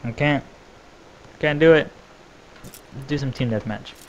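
A young man giving gameplay commentary, swearing and raging with outbursts that jump loud and high. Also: measured pace, muffled recording, noisy background. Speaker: gaming channel host.

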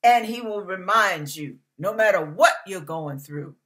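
A woman's voice: mid-range voice, lively intonation, unhurried, fairly bright tone. A woman giving an emotional devotional sermon, fervent and emphatic, at times tearful. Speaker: devotional speaker.

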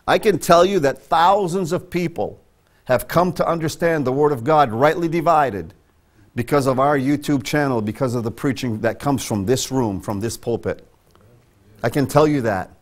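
A man preaching a sermon from a church pulpit, emphatic and conversational. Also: normal speed. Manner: emphatic, conversational preaching with sudden pitch jumps. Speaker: pastor. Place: church sanctuary.

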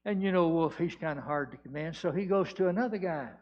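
A man preaching at a revival in a church, telling a folksy story that swells to loud, emphatic peaks. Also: on the high side, fast talker. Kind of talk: sermon storytelling. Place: church sanctuary. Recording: dull lo-fi church recording.

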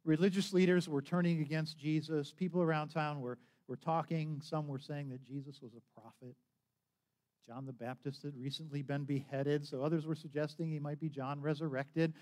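A man's voice: a little high, steady tone, moderate pace, darkish tone. A man preaching a sermon as pastor, telling a story conversationally, with frequent restarts and acted-out quotes.

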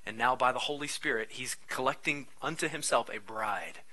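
A man in his thirties, a pastor preaching a sermon in a conversational, animated way with frequent asides. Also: medium pitch, normal speed, low-quality recording.

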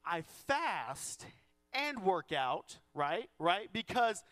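A man's voice: high-pitched, big pitch swings, drawn-out words, fairly bright tone, no room sound. A man preaching a sermon, a joking, self-deprecating pastor who acts out the voices in his stories. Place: church auditorium.

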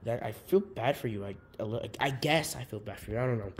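A man's voice: medium pitch, fairly quick, slight background noise, pitched below the performer's own voice, lightly acted. A man voicing a curious male animatronic bear who keeps asking questions.

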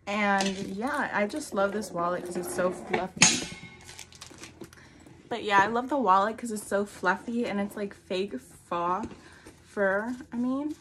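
A woman's voice: mid-range voice, a little slow, noisy background. A young woman chatting casually through a shopping haul vlog, rambling and full of "like", a bit out of breath. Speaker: vlogger.

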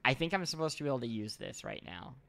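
A man's voice: mid-range voice, animated, quick pace, creaky, a bit bright. A man casually chatting and joking while playing a video game, sometimes reading game lines aloud. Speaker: game show host. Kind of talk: casual gameplay chat.

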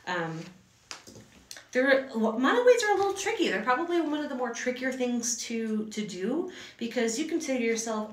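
A woman's voice: on the high side, big pitch swings, moderate pace, recorded from a distance. A woman giving a casual lettering lesson at home, rambling and chatty with lots of fillers and restarts. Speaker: hand-lettering teacher. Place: room at home. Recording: echoey room, voice from off-mic.

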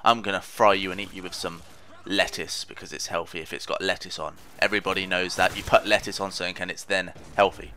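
A man's voice: low-pitched, flat delivery, fast talker, sharp tone, slight background noise. A man giving casual commentary over his own gameplay, rambling, mocking himself and trash-talking opponents. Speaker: gaming commentator.

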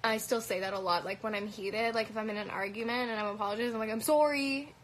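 A woman's voice: medium pitch, level tone, racing, fairly bright tone, a little hiss or hum, poor audio. A woman with a light Canadian accent chatting casually on a phone livestream, answering comments in a blunt, profane way with plenty of "um"s and "like"s. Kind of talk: casual live Q&A chat. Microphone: phone held at arm's length.

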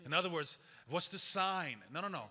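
A man preaching a sermon and reading scripture, repeating phrases for emphasis and dropping to a hushed, intense tone. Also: high-pitched, brisk, long reverb tail. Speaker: pastor.

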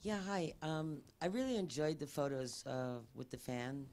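A woman's voice: low-pitched, expressive, normal speed, darkish tone. A woman in the audience asking a polite, hesitant question, with a few fillers.

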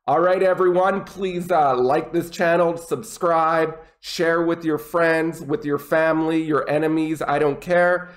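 Male English teacher, slightly higher voice, unhurried and deliberate delivery. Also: fairly even intonation. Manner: slow, deliberate explaining with examples. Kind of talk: English lesson.

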